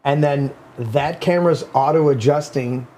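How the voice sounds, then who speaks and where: A man's voice: fairly high pitch, measured pace, warm tone, slight background noise. A man hosting a political talk show from his studio, speaking in a sarcastic, mock-serious way. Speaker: podcast host. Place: home studio.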